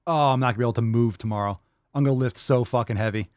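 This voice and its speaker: A man's voice: mid-range voice, rapid-fire, a little mellow, smooth, dry recording, studio quality. A man hosting a podcast, ranting and mocking a clip in a brash, profane way. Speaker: podcast host. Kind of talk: ranting reaction commentary.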